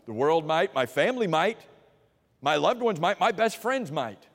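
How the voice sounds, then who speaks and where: A man preaching a sermon in an animated, dramatic way, his fairly high voice climbing to emphatic peaks and then sinking into quiet asides. A long hall reverb trails behind him, as in a church sanctuary. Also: brisk.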